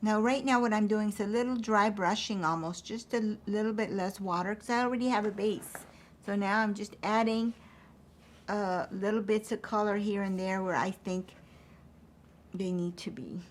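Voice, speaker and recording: A woman teaching an acrylic painting demonstration, thinking aloud as she paints in a relaxed way. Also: medium pitch, normal speed, slight background noise.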